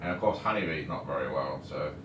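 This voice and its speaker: A man's voice: a bass voice, lively intonation, fast talker. A man co-hosting a casual livestream, greeting viewers by name and teasing his co-host. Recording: echoey room, mic far off, faint noise.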